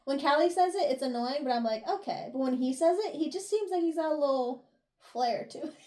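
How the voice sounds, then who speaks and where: Fast and warm, with a high voice and lively intonation, a young woman co-hosts a book review podcast. She recaps chapters casually, performing characters' lines and laughing plenty.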